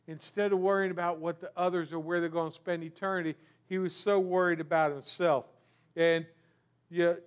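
A male pastor gives a casual, talky sermon, throwing out rhetorical questions and stumbling over repeated words. His voice sits fairly high for a man. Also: a bit bright, smooth.

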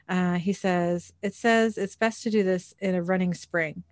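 A woman's voice: fairly low pitch, steady tone, measured pace, no echo, clean studio sound. A woman casually recapping a TV episode, narrating each scene and reading out the characters' lines. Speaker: podcast host recapping an episode.

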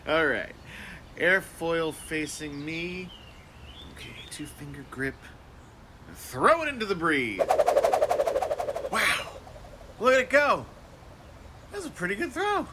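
A man's voice: high-pitched, sing-song, slow, long pauses, noisy background, full character voice. A man voicing a goofy male field correspondent reporting from an outdoor park. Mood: chipper. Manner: overexcited, yelping in pain.

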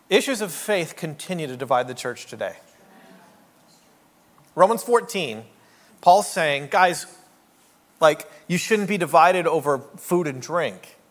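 A man's voice: on the high side, fairly bright tone, long reverb tail. A man preaching a sermon as pastor, in a joking, conversational way with rhetorical asides. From Canada.

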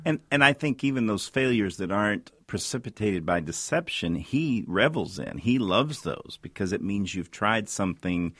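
A man co-hosting a faith-based recovery talk show, telling stories in an earnest, animated way. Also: fairly low pitch, normal speed, few pauses, no echo, clean studio sound. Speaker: co-host, recovery ministry leader.

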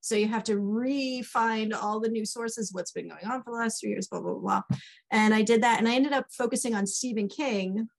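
A woman's voice: on the high side, normal speed, vocal fry. Woman guest, middle-aged, chatty storyteller voicing the people in her tales. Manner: animated, acts out quoted dialogue. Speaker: author guest. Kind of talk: casual storytelling chat.

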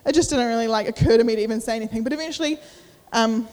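A woman's voice: a little high, very fast, darkish tone, in a large hall. A young adult woman giving a sermon. She tells a personal story casually and with feeling, with many fillers. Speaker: preacher.

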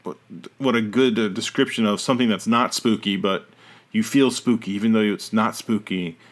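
This podcast host's voice sits on the low side, steady and moderately paced. In loose conversation he meanders, self-corrects in the middle of sentences, and lets remarks trail away.

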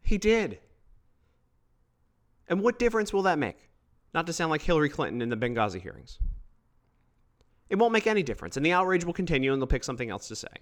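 A man giving opinionated solo political commentary, emphatic and quick to mock others. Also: a little high. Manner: emphatic, animated, mocking quoted voices.

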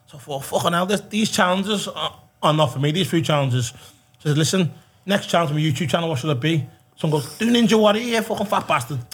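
A man's voice: fairly high pitch, fast talker, husky. A man, a guest telling rowdy stories with lots of swearing and laughter. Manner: swearing, laughing, calls everyone lad. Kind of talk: casual storytelling.

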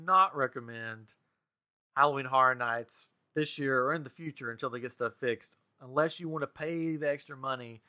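This man's voice is medium in pitch and his speed normal as he co-hosts a podcast. In a relaxed storytelling chat he recounts a maddening experience, exasperated and animated, quoting every bit of the back-and-forth.

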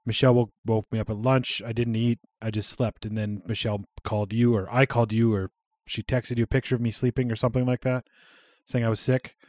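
A man's voice: medium pitch, level tone, fast talker, darkish tone, dry recording, clean studio sound. A man hosting a comedic podcast, telling rambling stories, laughing often and joking crudely. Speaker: podcast host. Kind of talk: casual comedic podcast chat.

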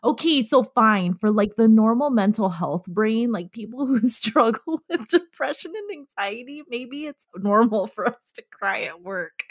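A woman's voice: a little high, lively intonation, a little slow, hardly any pauses, dry recording, clean studio sound. A woman talking candidly in a casual conversation, laughing often and getting tearful.

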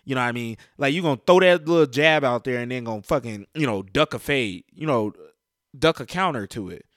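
A man's voice: mid-range voice, a little fast, a bit bright, dry recording. Man ranting as a sports fan, exasperated and profane, dry sound. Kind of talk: heated casual rant.

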